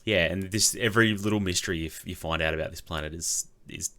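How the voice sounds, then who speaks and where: A man co-hosting a casual film review chat, making his points quickly and emphatically. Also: sits low, sharp tone. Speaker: podcast co-host, film reviewer.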